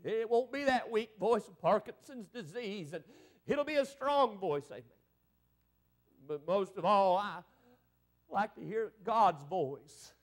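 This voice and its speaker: A high-pitched male evangelist delivers a revival sermon. He is middle-aged, and his preaching swells into fervent, rising exclamations. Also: lively intonation, slow pace.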